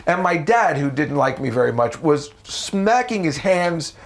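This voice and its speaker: A man from the United States, a comedian telling stories in a casual interview, animated and profane. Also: measured pace. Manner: animated, profane, jumps into high voices for quotes. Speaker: comedian guest.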